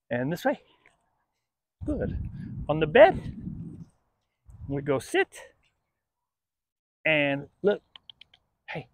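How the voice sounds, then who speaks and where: A man training his dog, praising it in high sing-song bursts and then dropping to quiet explanatory asides. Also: no room sound.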